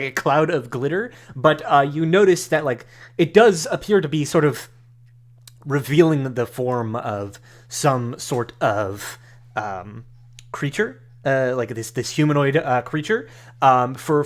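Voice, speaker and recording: A man narrating a tabletop game as game master, rambling through his descriptions with many fillers and restarts. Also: fairly high pitch.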